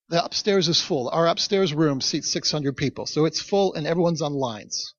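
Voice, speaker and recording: A man's voice: a little high, no echo. Male pastor, conversational storytelling sermon, dry close sound. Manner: conversational, chatty asides to the congregation. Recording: dull, dry recording.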